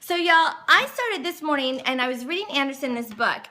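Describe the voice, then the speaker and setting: Bright high-voiced mom teaching manners. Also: female voice, animated. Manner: gentle, coaxing, reads aloud slowly to a child. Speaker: parenting livestream host. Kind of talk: casual teaching to viewers and child. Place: home. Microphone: phone livestream.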